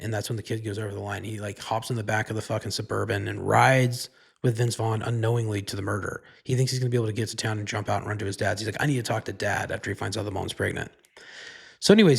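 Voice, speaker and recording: A man's voice: fairly low pitch, vocal fry, husky. A man hosting his own podcast, retelling a film's plot in a loose, rambling, profane way, full of "like" and "right?". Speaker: podcast host. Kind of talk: casual movie recap.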